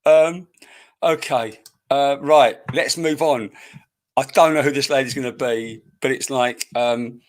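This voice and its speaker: A man at a computer microphone, working through a live mediumship reading. His talk is chatty and searching, full of asides, and he calls out to viewers by name. His voice sits at a middling pitch. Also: measured pace. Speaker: psychic medium.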